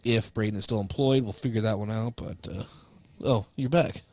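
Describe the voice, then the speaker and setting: A man calling local high school baseball on radio, reading stats and chatting casually with fillers. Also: fast talker, creaky, no echo. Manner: relaxed, chatty recap with fillers. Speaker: play-by-play announcer. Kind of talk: local radio sports broadcast.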